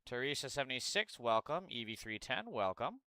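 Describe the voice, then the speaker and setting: A man's voice: medium pitch, big pitch swings, fairly quick, pushed and bright, no echo. A male streamer chatting casually and bluntly on a livestream, swearing freely and reacting aloud as he reads news.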